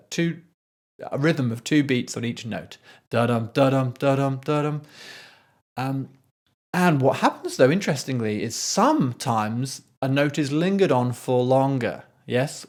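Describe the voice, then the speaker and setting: A man, a composer, talking through a piece of music in casual commentary, thoughtful, with frequent restarts and sung rhythms. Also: medium pitch. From Scotland.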